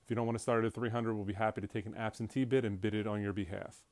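A man's voice: fairly low pitch, little pitch movement, rapid-fire, darkish tone, no echo. A man from an auction house narrating a casual walkthrough video of a large showroom, chatty and enthusiastic, with frequent fillers and restarts.

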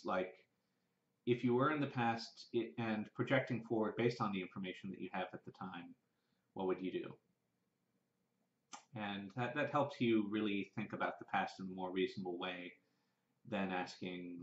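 Southern man, low-ish voice, vlogger thinking aloud, roomy lo-fi sound. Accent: Southern American. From American South. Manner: rambling, with many restarts and fillers. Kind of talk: casual thinking-aloud monologue. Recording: roomy and dull, lo-fi.

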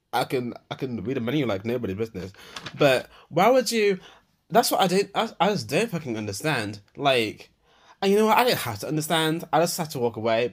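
A young man, hosting a podcast in an unscripted voicenote monologue, swearing freely and rambling through a rant full of fillers. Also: mid-range voice. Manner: profane, meandering rant with many fillers. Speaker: podcast host.

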